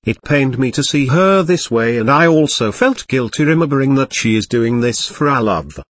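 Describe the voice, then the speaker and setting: Un homme lit un récit à la première personne, d'un ton simple et régulier. Sa voix est légèrement voilée, un peu rauque. La prise de son est sèche et proche, sans écho. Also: male voice, mid-range voice, lively intonation, normal speed, fairly bright tone, no echo, studio quality. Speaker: narrator. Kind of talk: first-person storybook reading.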